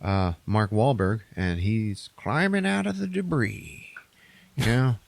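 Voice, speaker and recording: A man's voice: on the low side, slow pace, gravelly, no echo. A man casually recapping a movie on a podcast, rambling and profane, acting out characters' lines in a raised voice.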